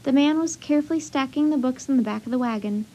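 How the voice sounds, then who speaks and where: A woman storyteller reading a children's chapter book aloud with steady, expressive narration. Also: sits high, fast talker, breathy edge.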